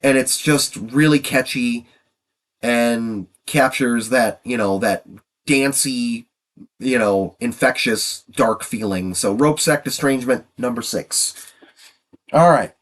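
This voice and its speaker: A man's voice: mid-range voice, slow pace. Sniffly man in his fifties. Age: 50s. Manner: rambling, trailing off. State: sniffly from a cold. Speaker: music reviewer. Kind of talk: casual album countdown.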